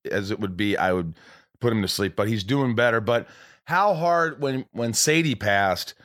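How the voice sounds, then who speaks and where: Middle-aged male host, low voice, empathetic and talkative. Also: a bit bright. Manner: chatty, empathetic, quick to jump in. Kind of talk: casual conversation.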